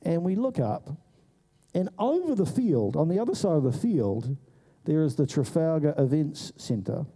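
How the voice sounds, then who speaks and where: A man's voice: fairly high pitch, normal speed. A man telling a story in a sermon, acting out the voices of the people in it. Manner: animated storyteller who acts out voices. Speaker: preacher.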